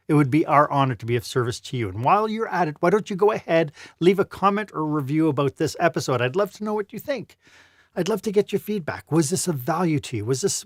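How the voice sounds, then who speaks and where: A man's voice: a little high, no room sound, studio quality. A man hosting a podcast interview, praising his guest effusively and giving an upbeat outro. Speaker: podcast host.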